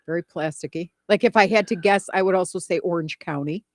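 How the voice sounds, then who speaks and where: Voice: mid-range voice, no room sound. Opinionated radio co-host, dry sound. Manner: quick to guess and chime in, opinionated. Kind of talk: casual radio banter.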